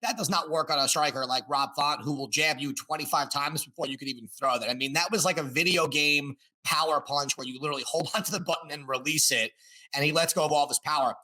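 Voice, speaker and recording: A man co-hosting a sports podcast, chatty and quick with his fight analysis. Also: a little high, pushed and bright. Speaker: podcast co-host. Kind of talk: casual sports podcast chat.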